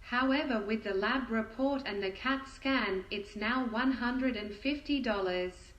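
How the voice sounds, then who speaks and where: A weary male vet breaks bad news in a flat, patient, apologetic tone, read by a woman in a fairly high voice. The voice rings a little in an echoey room. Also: a little slow, muffled recording.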